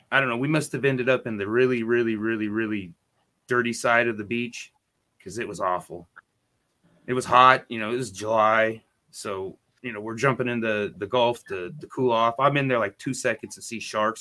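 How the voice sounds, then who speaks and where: Male podcast co-host, forties, mid-pitched, rambling profane storyteller. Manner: rambling, profane, animated quoting. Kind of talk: casual storytelling.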